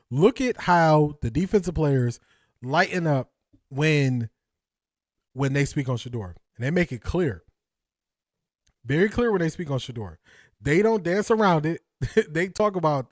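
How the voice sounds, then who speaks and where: A male livestream host giving casual, slangy sports commentary to his chat, animated and often laughing. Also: on the high side, unhurried, no room sound, studio quality.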